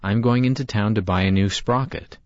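A firm, intense father figure, a middle-aged logger who is protective of his son, as a male storyteller voices him. His voice sits low, on a dull, dry, lo-fi recording. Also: fairly quick, darkish tone, no room sound, close to an everyday voice. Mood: calm.

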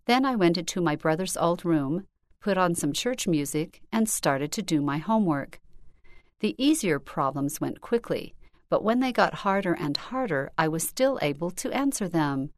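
A woman reading a first-person story aloud as scripted narration, in an earnest, measured delivery. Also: lowish voice, animated, no room sound, studio quality. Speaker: reader.

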